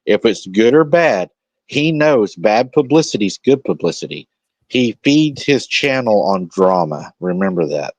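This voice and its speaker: A man with a very low voice hosts a casual livestream, mocking the person in the clips with sarcastic remarks. The sound is dry and close to the mic. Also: lively intonation, a little slow, darkish tone, no echo, highs cut off. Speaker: stream host.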